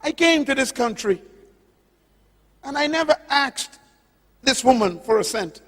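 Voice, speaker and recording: Male preacher, sermon, high voice, impassioned, emphatic, questions the audience, long echoing hall reverb. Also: animated. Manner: impassioned, emphatic, swings from loud declarations to low slow drawn-out words; addresses listeners directly with questions.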